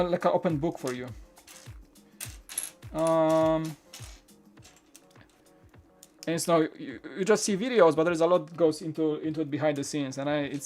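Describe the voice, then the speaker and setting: A Lego channel host, a man with a fairly high, slightly mellow voice, runs a toy-building live stream. He chats casually and candidly, rambling as he answers viewer questions.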